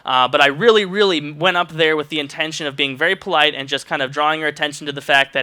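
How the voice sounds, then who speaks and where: A man's voice: a little high, fairly even intonation, quick pace, hardly any pauses, bright, forceful tone, clean tone. A man vlogger telling a personal story in an exasperated, ranting storytime monologue, acting out quoted lines and, by his own account, coming across as rather curt. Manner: says he can come off as curt.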